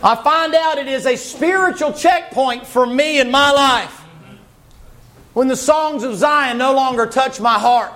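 A male preacher delivers a folksy sermon. His voice sits very high and often climbs into shouts. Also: measured pace. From Southern United States.

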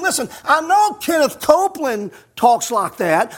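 A male pastor preaching a fiery sermon, emphatic and scolding, rising to shouts. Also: extremely high pitch, very animated, a little slow, hardly any pauses.

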